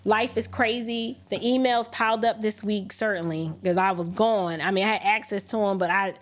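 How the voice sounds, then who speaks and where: A woman hosting a casual livestream, reading viewer messages aloud and answering them with lively, sassy asides. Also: medium pitch, normal speed, slight background noise. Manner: animated, talks back to viewers, slips into sassy mock voices. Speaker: livestream host. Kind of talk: casual livestream chat reading super chats.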